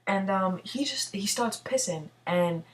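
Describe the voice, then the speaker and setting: A young woman tells a story in a rambling, profane, animated way, sitting at a computer in her home bathroom. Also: medium pitch, measured pace, recorded from a distance. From New York City. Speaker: vlogger. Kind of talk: casual storytelling. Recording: voice from away from the mic.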